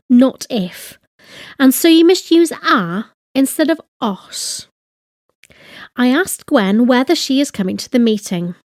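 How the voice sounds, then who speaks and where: A woman giving a slow, deliberate grammar lesson, reading example phrases and translating them. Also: high voice, darkish tone, no room sound, clean studio sound. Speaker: language teacher.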